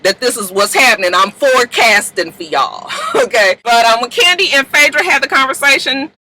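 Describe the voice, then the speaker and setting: Woman vlogger, very bright and sharp-toned, brash and wired on coffee, rambling recap with sudden squeals. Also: big pitch swings, moderate pace, rough recording. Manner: chatty and brash, swears freely, jumps to high-pitched outbursts. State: wired on coffee, talking fast. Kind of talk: casual rambling commentary.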